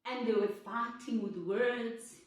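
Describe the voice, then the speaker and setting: A woman from South Africa telling a personal story in an animated way, laughing often. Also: on the high side, slow. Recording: very echoey room, voice from far off.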